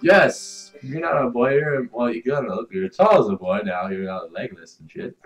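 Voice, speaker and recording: A man doing video game commentary, yelling and cursing at the game as he plays. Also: medium pitch, animated, moderate pace, faint music behind. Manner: yells and curses at the game. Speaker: gameplay commentator.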